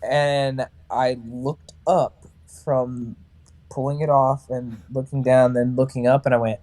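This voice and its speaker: Male, thirties, singer from California, warm mellow tone, talks in lively anecdotes and acts out the other voices. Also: medium pitch, takes it slowly. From Sacramento, California. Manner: animated, acts out other people's lines. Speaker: metalcore band vocalist and barber. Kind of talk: casual storytelling in a podcast interview.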